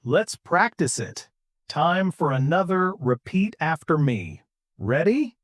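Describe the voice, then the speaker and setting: A man co-hosting a podcast for English learners, explaining intonation slowly and clearly and acting out examples. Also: on the high side, big pitch swings, no echo, studio quality. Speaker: English teacher, podcast co-host. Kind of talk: scripted English lesson.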